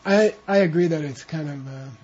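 A man leading a translation class, talking slowly and relaxed while he coaches pronunciation. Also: fairly high pitch, breathy edge. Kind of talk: informal class talk with chanted reading. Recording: dull lo-fi classroom recording.

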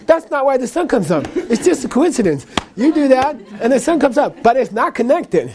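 A man's voice: very high-pitched, big pitch swings, normal speed, noisy background, voice pushed up. A man putting on the voice of a baffled, exasperated Russian man from an audience who keeps demanding why. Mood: insistent. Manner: insistent, baffled questioning.

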